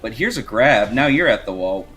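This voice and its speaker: A man giving color commentary on a fighting game match, relaxed and rambling, with many fillers. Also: fairly low pitch, normal speed, soft background music. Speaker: esports co-commentator.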